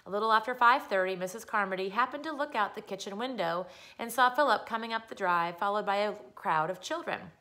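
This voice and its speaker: Bright woman reading a children's story. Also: mid-range voice, a little fast, few pauses. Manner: expressive, storytelling. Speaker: reader. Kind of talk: children's story read aloud.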